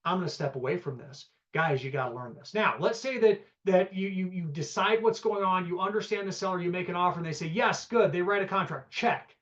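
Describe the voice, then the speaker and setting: A man teaching a live real estate investing seminar, energetic and conversational, peppering the audience with rhetorical questions and "okay?". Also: sits high, brisk, few pauses, muffled recording.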